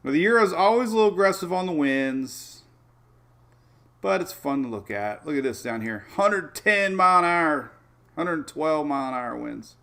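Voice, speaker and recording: A man hosts a casual live weather show, rambling through the maps with excitable asides. He speaks at a normal speed with a fairly high pitch.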